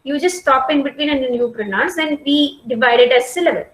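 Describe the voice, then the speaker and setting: High-voiced woman lecturing, echoey room. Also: brisk, fairly bright tone. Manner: patient, repeats and checks understanding. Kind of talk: classroom lecture.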